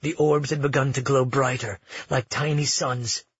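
A man narrating a fantasy audiobook in a husky voice, measured and even. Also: mid-range voice, no echo, muffled recording.

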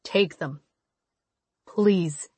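A woman voicing a weak, tender teenage boy lying in a hospital bed, speaking softly and low. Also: little pitch movement, measured pace, no room sound. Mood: pleading.

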